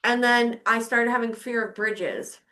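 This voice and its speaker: Middle-aged woman host, a touch high-pitched, casual storyteller, blunt and expressive, acts out her own reactions. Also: a little slow. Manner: candid, swears freely, acts out her own past reactions. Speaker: podcast host.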